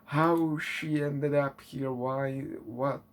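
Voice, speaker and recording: A man speaking English gives a casual, unhurried movie review. He keeps asking exasperated rhetorical questions and stumbles through fillers and restarts, his middle-pitched voice set against a faint background hum. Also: steady tone.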